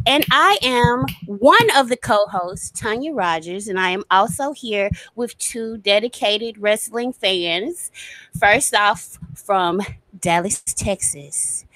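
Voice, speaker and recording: A woman's voice: on the high side, a bit bright, no room sound, rough recording. A woman hosting a podcast in casual chat, brash and laughing as she talks. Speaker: podcast host.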